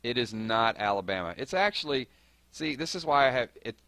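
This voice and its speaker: A young man with a Southern Georgia accent, chatting fast and excitably on a live stream while answering viewers' comments. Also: medium pitch, dry recording. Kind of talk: casual live-stream chat.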